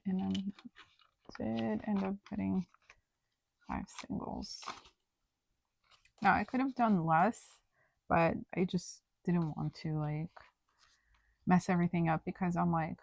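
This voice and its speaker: A woman's voice: lowish voice, fairly even intonation, slow, creaky, long pauses, a little mellow, no room sound. A woman vlogger chatting casually while counting cash into budget envelopes aloud, sometimes dropping to a near-whisper.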